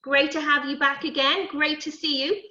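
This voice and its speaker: A woman presenting a lively lesson on animal safety to young children, coaxing them and talking to toy animals. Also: high-pitched, moderate pace. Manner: animated, coaxing, talks to puppets and kids. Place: indoors, recorded for an online event. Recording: dull, roomy live stream audio.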